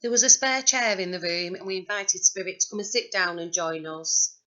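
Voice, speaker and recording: A Northern English woman talks over her recordings in a chatty, wry voice. Her voice sits slightly low but is bright and forward. The sound is dull and lo-fi. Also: normal speed. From north of England. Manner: chatty and wry, dry humour. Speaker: paranormal investigator presenting recordings. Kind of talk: narrated commentary over recorded clips.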